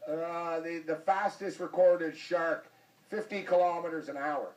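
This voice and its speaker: A man's voice: on the high side, steady tone, a little slow, a little mellow, recorded from a distance, lo-fi sound. A man hosting a sports talk show, joking and teasing his guest, often repeating himself. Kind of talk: casual sports chat.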